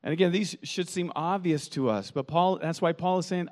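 Delivering a sermon briskly and with few pauses, this pastor speaks in a somewhat high voice. His storytelling is lively and full of quoted voices, and he tends to repeat words while gathering his thoughts.

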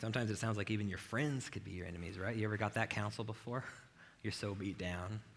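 A man's voice: lowish voice, fast talker, creaky, slight background noise. A male pastor giving a conversational sermon in a church, with frequent rhetorical "right?" asides. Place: church with video cameras.

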